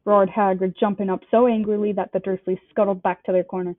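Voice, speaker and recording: A woman reads a novel aloud in an expressive storytelling manner. Her voice sits at a middling pitch. The recording is dry and narrow, like a phone line. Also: a little fast, no room sound. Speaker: storybook reader. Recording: dry, tinny phone-like sound.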